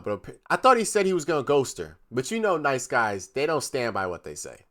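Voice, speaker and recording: A man streaming live, reacting to text messages in casual commentary, mocking and animated, reading quotes in a flat voice. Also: mid-range voice, fairly quick, hardly any pauses.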